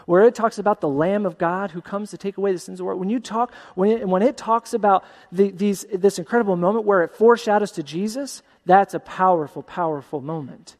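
Pastor, male, high voice, lively sermon delivery with a long hall echo. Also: a little fast, few pauses. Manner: animated, acts out voices of story characters.

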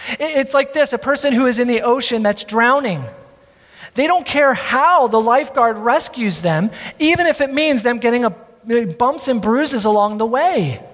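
A male pastor preaching a sermon with earnest, drawn-out emphasis and self-deprecating asides. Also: very high-pitched, lively intonation, fairly bright tone, long reverb tail.

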